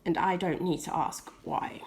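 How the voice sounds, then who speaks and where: A woman reading a children's picture book aloud, expressive, with soft whispered asides. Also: on the low side, measured pace, a little hiss or hum. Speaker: storybook reader.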